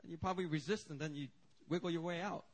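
A man preaching at a church service, his voice sitting fairly high. He tells stories with lively humor and an easygoing, animated delivery. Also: fast talker. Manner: animated, joking storytelling. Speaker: pastor. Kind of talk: sermon.

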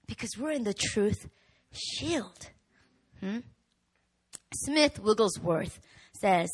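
A woman pastor preaching a sermon, animated and rising to shouts in the swells of her message. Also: a little high. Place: church hall.

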